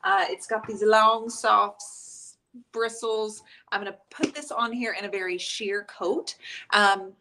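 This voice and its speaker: A middle-aged woman teaching a painting class on a livestream in a craft workspace. She talks in a chatty, upbeat way and jokes easily with her husband off to the side. Her pitch sits in a middle range for a woman. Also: expressive, measured pace, background noise. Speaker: host and paint instructor. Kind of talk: casual live-stream painting tutorial.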